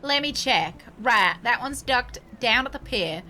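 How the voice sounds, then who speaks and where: Woman voicing a stiff male harbor guard for a game: officious, slow, bright-toned. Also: on the high side, lively intonation.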